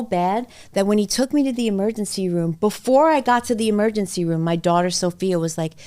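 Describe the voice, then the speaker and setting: A woman hosting a podcast, telling personal stories in a blunt, animated way and swearing freely. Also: mid-range voice, a little fast, few pauses. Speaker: podcast host. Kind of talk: casual conversation, storytelling.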